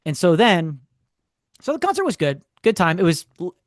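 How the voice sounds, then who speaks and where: Guy podcasting, kinda high voice, ranty and sarcastic, dry close mic. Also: moderate pace, no echo. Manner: animated storyteller, rants with sarcastic asides. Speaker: podcast co-host. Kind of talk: casual chat.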